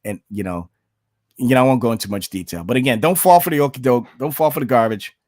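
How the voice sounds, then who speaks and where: A man's voice: mid-range voice, fast talker, a little mellow, no room sound, studio quality. A man giving blunt, sarcastic reaction commentary, peppered with "okay?" and "you know", sliding into a preacher's tone when he cites scripture. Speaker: online commentator.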